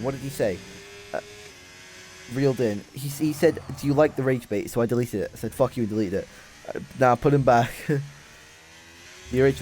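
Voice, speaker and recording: A young man giving excitable, sweary live commentary on a sim race while bantering with his chat. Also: mid-range voice.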